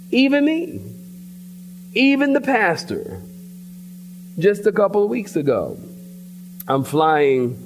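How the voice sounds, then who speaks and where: A man preaching a sermon as pastor in a church, telling stories in an animated way and sometimes shouting. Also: on the high side.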